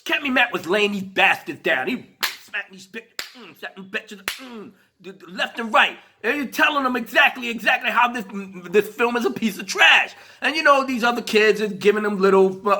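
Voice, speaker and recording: A man's voice: high voice, lively intonation, normal speed, pushed and bright. A man giving a heated, profane ranting commentary, laughing through his rant. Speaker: commentary vlogger.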